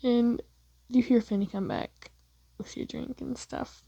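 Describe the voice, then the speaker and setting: A woman's voice: on the high side, unhurried, creaky, mellow, husky, no echo. Young woman narrating casually with a dull lo-fi sound. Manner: casual, rambling, heavy use of "like". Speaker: storyteller. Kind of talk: second-person fan story narration.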